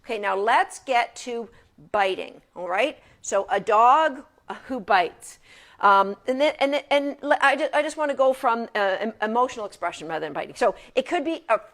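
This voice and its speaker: A woman's voice: a little high, animated, moderate pace, a bit bright. A woman dog trainer giving an informal lecture from her couch at home in a chatty, casual way with frequent restarts.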